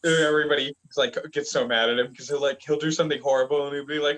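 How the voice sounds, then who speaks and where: A man's voice: fairly high pitch, level tone, racing, fairly bright tone, rough recording. A man casually recapping manga chapters as a reviewer, rambling with lots of fillers. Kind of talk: casual chat.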